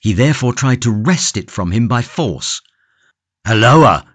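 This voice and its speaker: A man narrating a classic novel audiobook in a measured, steady reading from a close studio mic. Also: mid-range voice, no room sound. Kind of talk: scripted narration.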